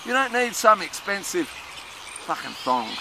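A man rambling and chanting an improvised song, swinging between muttering and loud outbursts. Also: sits high, sing-song, moderate pace. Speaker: performer in an experimental film. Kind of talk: rambling improvised monologue and singing. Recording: outdoor recording with clear street noise.

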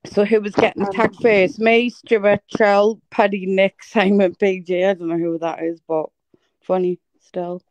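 A woman with an Irish accent hosting a livestream call, teasing her guests and cursing freely in quick-fire casual banter. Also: mid-range voice, little pitch movement, darkish tone, low-quality recording. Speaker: livestream host.

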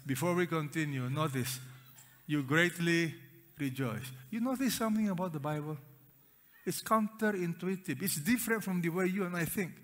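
A bright, fairly high-voiced pastor speaks at a moderate pace and with animation. He stresses and repeats key words, quizzes his listeners, and has them read along, while the big hall's long reverb trails each phrase.

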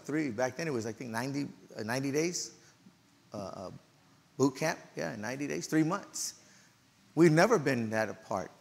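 A middle-aged man preaching in a church, telling a personal story with emotional, animated delivery and loud outbursts. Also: on the high side, creaky, in a large hall. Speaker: pastor. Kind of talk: storytelling sermon.

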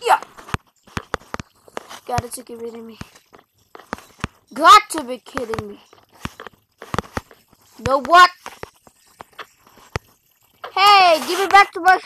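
Very high voice, slow, muttering gamer, noisy tablet recording. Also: animated. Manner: frustrated, exclaiming, mutters to self. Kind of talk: gaming commentary. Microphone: tablet mic.

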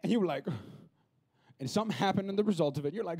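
A pastor preaching a lively, humorous sermon, acting out the people he quotes. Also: high-pitched, fast. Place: church auditorium.

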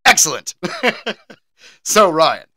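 Lively American man, bright voice. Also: on the high side, slow, no room sound. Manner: animated, laughs often, hosts the trivia game. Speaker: podcast co-host. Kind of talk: casual chat.

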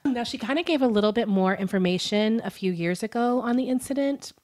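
A woman's voice: on the high side, brisk, a little mellow. A young adult woman co-hosting a casual true-crime podcast, chatty and giggly as she reads quotes aloud. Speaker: podcast co-host.

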